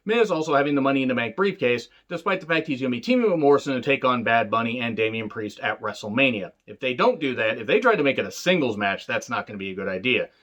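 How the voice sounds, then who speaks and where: Speaking quickly with few pauses, this man has an expressive, slightly bright mid-range voice. He gives casual, profane commentary on wrestling shows, rambling along with sarcasm and plenty of jokes.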